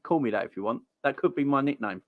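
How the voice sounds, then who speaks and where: A man's voice: mid-range voice, animated, fast talker, dry recording, narrow, tinny audio. A man in his thirties with a Cockney accent, hosting a casual football live stream from home, chatting and greeting viewers by name. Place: home, children in next room.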